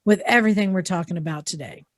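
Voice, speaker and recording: A woman's voice: fairly low pitch, fast talker, a bit bright, no echo. A woman co-hosting a casual motorcycle podcast, chatty and running her news together in long strings of "and then". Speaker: podcast co-host. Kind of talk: casual chat.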